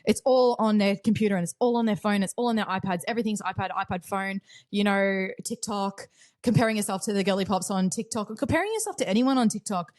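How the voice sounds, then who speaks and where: A woman's voice: mid-range voice, fast talker, a little mellow. A woman in her twenties with an Australian accent, co-hosting a podcast in casual chat, blunt and sweary, laughing often. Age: 20s. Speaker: podcast co-host.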